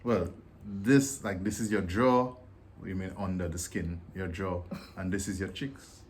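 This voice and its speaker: A man with a Dominican accent, chatting casually as a guest, explaining at length and getting animated as he talks. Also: unhurried, slight background noise. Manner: animated, explains at length, jumps high when he gets excited. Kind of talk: casual chat comparing dialects.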